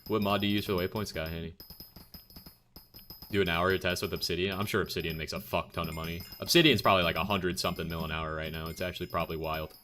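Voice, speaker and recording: A man's voice: sits low, fairly even intonation, quick pace, bright, forceful tone, faint music behind. A young man streaming a game, casually and bluntly answering viewer questions in a chatty way.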